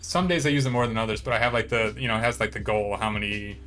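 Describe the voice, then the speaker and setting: A man's voice: lowish voice, fast talker, a bit bright, faint music behind. An American man co-hosting a podcast, talking casually and rambling with lots of fillers. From United States. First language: English. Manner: rambling, lots of likes and you-knows. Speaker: podcast co-host. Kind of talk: casual chat.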